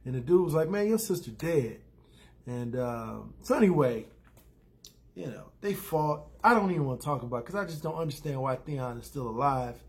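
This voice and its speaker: Brisk and animated, with a gravelly mid-range voice, a man rambles through a casual spoken recap of a TV episode. Fillers and restarts abound, along with blunt opinions and quick bits of acting out characters' lines.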